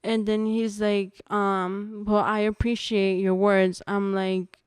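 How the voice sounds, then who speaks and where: A young woman, a podcast guest, telling a personal testimony in casual conversation, earnest and halting with restarts. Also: mid-range voice, flat delivery, clear, resonant tone, dry recording, clean studio sound.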